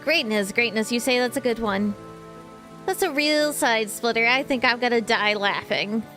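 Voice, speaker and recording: A woman's voice: a little high, normal speed, fairly bright tone, soft background music, natural voice. A woman voicing a cruel male henchman in a game, sneering with a put-on Texan drawl. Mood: mocking. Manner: sneering, taunting.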